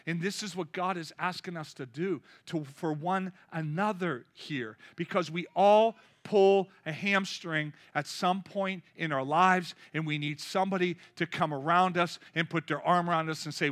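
A man in his fifties preaching a lively, joking sermon with call-and-response. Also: high voice, normal speed, few pauses. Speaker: pastor.

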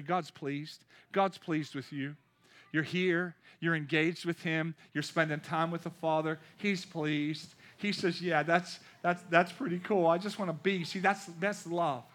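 Male pastor, 50s, high voice, bright tone, joking, lively preaching. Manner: lively, joking, call-and-response. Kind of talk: sermon.

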